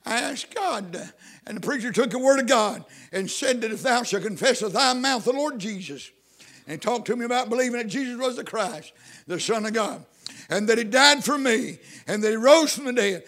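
A preacher man gives his testimony in a very high voice. His tone is bright and forceful, with a folksy, repeating cadence that swells into fervent shouts. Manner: fervent, rising to shouts and whoops. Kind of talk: testimony sermon.

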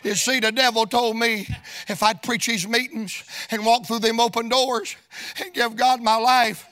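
A middle-aged man, preaching a storytelling sermon in a folksy, sing-song cadence that rises into shouts. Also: very high voice, flat delivery, a little slow. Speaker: evangelist preacher.

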